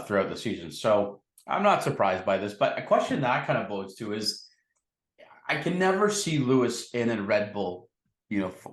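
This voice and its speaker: A man hosting a casual sports podcast, chatting loosely with plenty of fillers. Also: lowish voice. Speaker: podcast host. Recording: echoey room.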